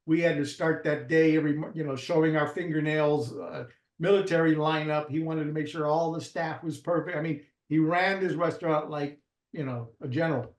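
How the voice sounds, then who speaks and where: A man from Puerto Rico, a guest in an interview, with a voice pitched a little above average. He tells stories in a rambling, casual way, full of restarts and fillers. The room adds a noticeable echo. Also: steady tone, brisk. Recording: roomy echo.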